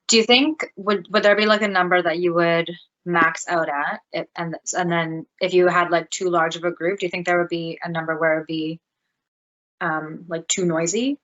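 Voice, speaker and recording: Woman podcast host, lowish voice, rambly and giggly, muffled audio. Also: fairly even intonation, moderate pace, fairly bright tone. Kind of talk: casual interview chat.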